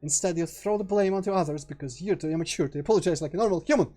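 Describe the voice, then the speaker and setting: A man voicing a cold, formal young woman who speaks softly and holds back her anger. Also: on the high side, very fast, faint music behind, pitched above the performer's own voice, natural voice. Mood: icy. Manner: soft, icy, restrained, formal. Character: cold restrained shy young woman Yuri.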